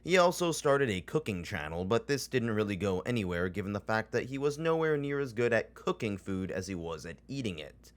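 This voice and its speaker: A man narrating a scripted commentary in a deadpan, mocking tone full of dry sarcasm. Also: lowish voice, fairly quick, hardly any pauses.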